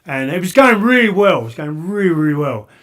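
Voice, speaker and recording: A man hosting a podcast, telling a long story in a rambling, animated way with frequent restarts and swearing. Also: a little high, fairly quick. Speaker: podcast host. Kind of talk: casual storytelling chat.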